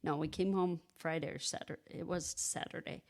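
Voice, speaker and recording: Woman, 30s, lowish pitch, casual podcast storyteller, halting with lots of fillers. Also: fairly even intonation, darkish tone. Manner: halting, restarts, frequent "like" and "you know". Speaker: podcast co-host telling her own story.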